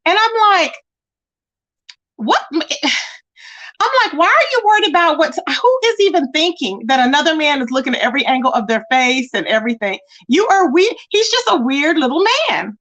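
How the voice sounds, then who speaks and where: A woman hosting a live stream, chatting casually with viewers and mocking a rival in an animated way. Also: sits high, moderate pace. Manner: animated and mocking, addressing chat as y'all. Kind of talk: casual gossip commentary.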